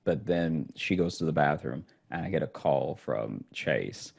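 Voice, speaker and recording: A man with a very deep voice tells a funny story from his own life in loose conversation. He plays out each exchange in lively quotes and keeps breaking into laughter. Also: a little slow, vocal fry, breathy edge. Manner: animated storytelling, acts out quotes with rising pitch and laughter. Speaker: comedian telling a story. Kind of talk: casual podcast chat.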